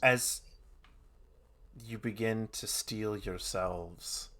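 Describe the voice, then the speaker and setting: A man with a fairly low voice who runs a tabletop horror game as game master. He narrates in a measured way and slows down for the dramatic scenes. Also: a bit bright.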